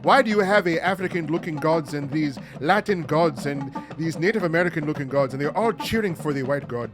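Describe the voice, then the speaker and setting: A fairly high-voiced man talks through a movie in casual chat. He is animated and quick with his asides, often breaking into laughter. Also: over music. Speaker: podcast co-host.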